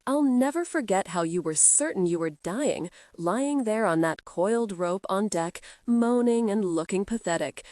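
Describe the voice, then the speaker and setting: A woman's voice: medium pitch, lively intonation, moderate pace, few pauses, mellow, dry recording. Woman reading a romance audiobook, dry sound. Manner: reads every character in one voice. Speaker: audiobook narrator. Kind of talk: audiobook narration.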